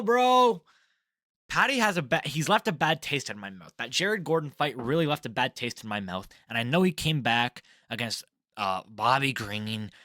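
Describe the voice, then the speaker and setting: Bright and forceful in the mid-range, this MMA prediction vlogger, a young man, rambles through his fight picks. Profanity flows freely and he keeps cracking himself up, all in a dry, studio-quality recording.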